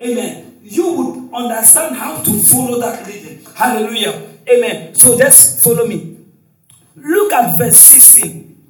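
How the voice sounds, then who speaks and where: A male preacher delivering a sermon in call-and-response style, with shouted exclamations and frequent hallelujahs. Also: very high-pitched, expressive, a little slow. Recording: echoey hall, distant mic, faint music.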